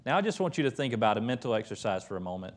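A man preaching a conversational, emphatic sermon in a church, retelling scripture with lively quoted voices. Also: on the low side, very fast. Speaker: pastor.

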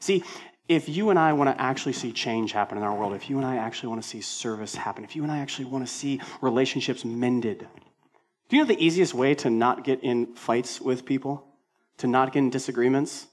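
A male senior pastor delivering a sermon in an animated, conversational way, with emphatic repetition and self-deprecating humor. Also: mid-range voice, brisk.

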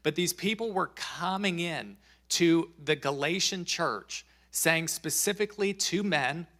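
A man's voice: on the high side, unhurried, bright, forceful tone. A man preaching a sermon as pastor, talking in a conversational, joking way and reading scripture aloud.

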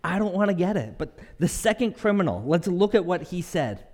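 A young man delivers a sermon in a church auditorium, his slightly high voice animated as he acts out quotes. His words ring out with the long reverb of a large hall. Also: a little fast. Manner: animated and expressive, acting out quotes with shifting pitch. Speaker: pastor.

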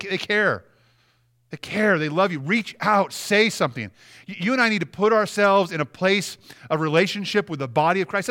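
A man's voice: a little high, sharp tone. A man preaching a sermon with passion, often repeating words as he stresses a point. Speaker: pastor.

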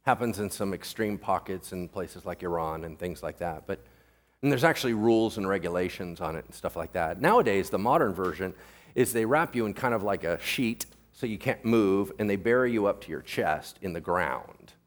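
A man pastor giving a sermon in a conversational way, firing quick questions at the congregation and mixing jokey asides into earnest teaching. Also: sits low, expressive.

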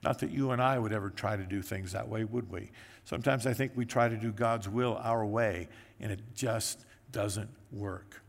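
A male pastor preaching a sermon, telling the story in a lively way and briefly acting out the voices of the people in it. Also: fairly low pitch, moderate pace, creaky. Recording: echoey hall with long reverb.

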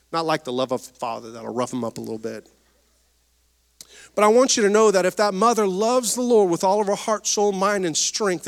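A man in his thirties delivers a sermon in a high-pitched voice. He preaches with swelling emphasis and folksy humor, calling on the congregation for amens. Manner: preacherly, rising and falling emphasis, calls for amens. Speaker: pastor.

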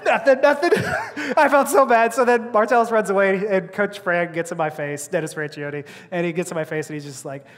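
A man preaching a sermon as a pastor, telling a story with lively acted-out voices and frequent laughter, in a church. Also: high-pitched, normal speed. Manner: animated storyteller, acts out voices, laughs often. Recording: long hall reverb.

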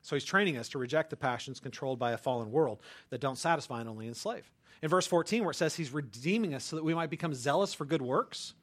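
A man preaching a sermon in a lively, conversational way, often checking in with the congregation. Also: fairly high pitch, fast. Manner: animated, conversational preaching with frequent "right?". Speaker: pastor.

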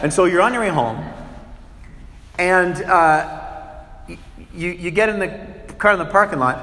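A man preaching as a pastor, his voice pitched a touch high and carried through a roomy, echoing hall with a long reverb. He talks in an animated way, acting out little scenes with shifting voices. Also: moderate pace, pauses often. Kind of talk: sermon.

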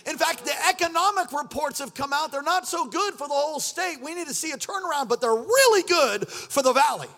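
Male pastor, very high voice; energetic shouted sermon with call-and-response. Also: a little fast, hardly any pauses. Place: church sanctuary.

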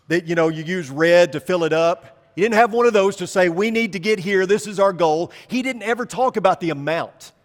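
A man's voice: high-pitched, long reverb tail. A man preaching a sermon as a pastor, talking conversationally and asking the congregation rhetorical questions.

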